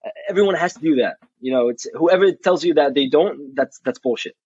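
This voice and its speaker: A young man, a college athlete guest in a casual interview, tells an animated story in a fairly high, slightly mellow and slightly rough voice at a fairly quick pace. He's blunt and frank, swearing freely and restarting sentences often. The recording is dull and dry, without echo.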